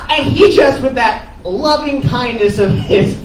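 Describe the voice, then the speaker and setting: A man who is a stand-up comedian, giving an animated, profane comic eulogy on a cafe stage, laughing as he tells it. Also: extremely high pitch, measured pace. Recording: echoey room from far off, noisy.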